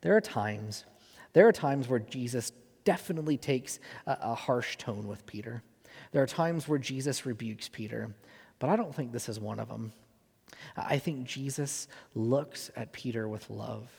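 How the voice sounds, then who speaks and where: Guy pastor in his 30s giving a sermon, kinda gravelly, chatty w lots of uhs, big echoey church hall. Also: medium pitch, normal speed, darkish tone. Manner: earnest, conversational preaching with frequent fillers. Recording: long reverb of a large hall.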